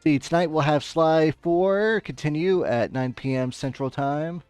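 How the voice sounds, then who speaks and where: A man's voice: fairly high pitch, a little slow, a little mellow, clear, resonant tone, no room sound, faint music behind. A man hosting a casual streamed talk show, playful and jokey, laughing often. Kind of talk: casual streamed interview chat.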